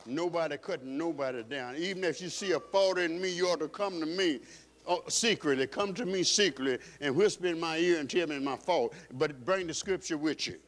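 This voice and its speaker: A man's voice: fairly high pitch, brisk. A male pastor preaching a sermon in an emphatic style, repeating phrases for stress.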